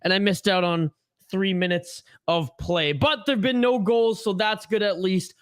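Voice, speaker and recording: A man's voice: sits high, normal speed, no echo, studio quality. A man hosting a hockey watch-along live stream, chatting and ranting casually with viewers. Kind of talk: casual live-stream chat and game commentary.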